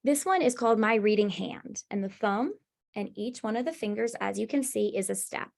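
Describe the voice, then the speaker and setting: A woman's voice: medium pitch, normal speed, vocal fry, darkish tone. A woman presenting a webinar on reading instruction, explaining strategies step by step in a conversational, instructive way. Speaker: former classroom teacher and coach.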